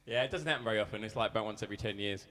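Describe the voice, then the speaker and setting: A man's voice: lowish voice, bright, forceful tone, long reverb tail, slight background noise. A man in his forties bantering playfully with bandmates between songs. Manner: playful, jokey. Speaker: band member.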